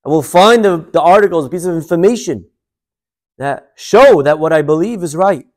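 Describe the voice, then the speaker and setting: A male rabbi giving a sermon, telling a story in an animated, conversational way. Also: a little high, normal speed.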